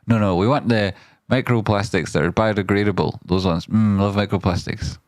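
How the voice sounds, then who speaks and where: A man hosting a live trading stream, riffing playfully in rambling chat and often jumping into a high silly voice. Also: steady tone, normal speed, darkish tone, no room sound. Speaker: trading livestream host.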